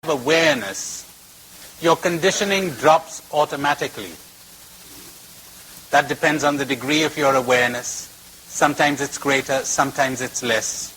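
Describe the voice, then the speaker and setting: A man's voice: medium pitch, moderate pace, pushed and bright, a little hiss or hum, low-quality recording. A man giving a spiritual talk to a retreat audience, telling stories and repeating phrases for emphasis, recorded on old tape. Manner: storytelling with varied emphasis and repetition. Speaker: spiritual teacher.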